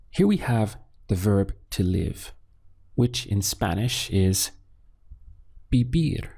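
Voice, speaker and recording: A man teaching a Spanish lesson, patiently asking questions and pausing so learners can answer. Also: fairly low pitch, creaky, mellow, slightly rough. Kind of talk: scripted language lesson.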